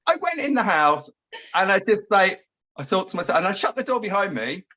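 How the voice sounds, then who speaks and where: A man co-hosting a relaxed chat. He tells stories in a rambling way and gets animated when he acts out what he said. His voice sits a little high for a man. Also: brisk, a little hiss or hum. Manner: chatty storyteller, animated when acting out his own outbursts. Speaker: co-host. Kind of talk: casual chat.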